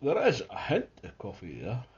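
A man giving a casual, chatty beer tasting review at home, describing the beer in relaxed detail. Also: medium pitch, moderate pace, muffled recording. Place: at home near his Christmas tree.

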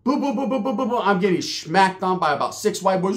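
A man's voice: high voice, fairly quick. A man telling a prison story in casual, profane, slang-heavy street talk.

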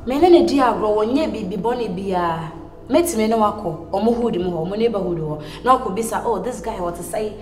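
An actress playing a defiant young daughter who pleads with her father in quick Ghanaian Pidgin and Twi. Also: mid-range voice, animated, a little mellow, echoey room, soft background music, lightly acted. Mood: pleading. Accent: Ghanaian, mixing Pidgin and Twi.

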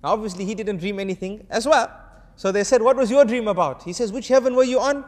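A man preaching to an audience, telling a story and acting out its dialogue with animated shifts of voice. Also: sits high, fast, big-room sound. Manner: urges the audience to answer. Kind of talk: storytelling sermon.

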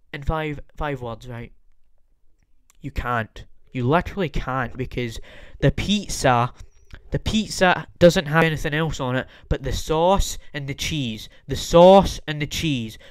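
Theatrical young man ranting, crisp and dry. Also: a little high, no echo. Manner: exaggerated, repetitive, theatrical ranting. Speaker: podcast host. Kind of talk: comedic rant.

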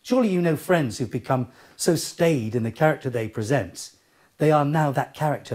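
A man's voice: on the high side, normal speed. A middle-aged man, a TV presenter and presenting coach, giving emphatic advice straight to camera. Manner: animated, emphatic, exasperated rants. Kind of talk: direct-to-camera advice talk.

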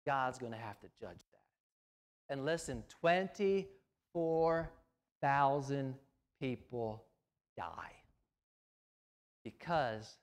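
A male pastor delivering a sermon, swinging between loud emphasis and hushed lines. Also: medium pitch, a little slow, pauses often. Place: church sanctuary.

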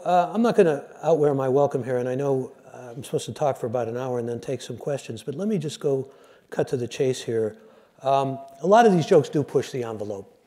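A man's voice: mid-range voice, mellow. A man, a radio host, giving a lecture that moves from joke to joke in a conversational, digressive way. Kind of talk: storytelling lecture with jokes.

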